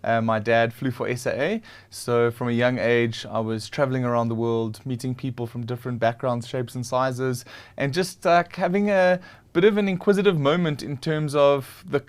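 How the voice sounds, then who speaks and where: A man's voice: medium pitch, fairly even intonation, moderate pace. A man with a South African accent, a creative director talking casually as a guest in an interview. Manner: reflective storytelling, frequent restarts.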